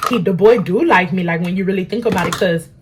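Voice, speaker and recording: A young adult woman at home, telling an animated, slangy story while doing her makeup. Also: fairly low pitch, fast talker, noisy background. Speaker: beauty vlogger.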